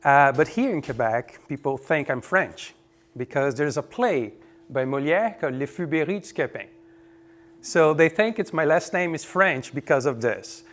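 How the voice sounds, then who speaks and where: A man from Brazil, giving a relaxed, joking conference presentation. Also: a little high, moderate pace. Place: conference room.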